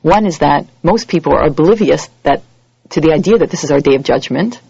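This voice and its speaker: A woman giving an animated lecture, acting out little scenes and quoted voices as she teaches. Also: a little fast, gravelly, breathy edge, no room sound. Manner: animated, acts out quoted voices with big pitch jumps. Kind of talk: lively lecture. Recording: dull lo-fi audio recording.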